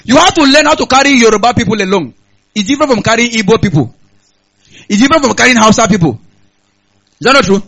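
Nigerian male pastor, high bright voice, works the crowd with repeated questions. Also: animated, quick pace, long pauses, low-quality recording. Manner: call-and-response preaching, repeating lines and asking the audience. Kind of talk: sermon. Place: church hall, on stage.

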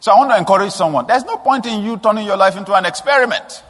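A man preaching a sermon, telling stories with soft asides and sudden emphatic rises. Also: high voice, fast talker. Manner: storytelling with rising emphatic bursts and soft asides. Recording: long hall reverb.

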